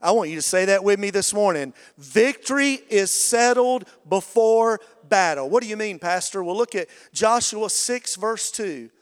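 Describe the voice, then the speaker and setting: A man preaching a sermon as pastor, energetic and rousing the congregation to call back. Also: high-pitched, moderate pace, hardly any pauses. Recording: long reverb of a large hall.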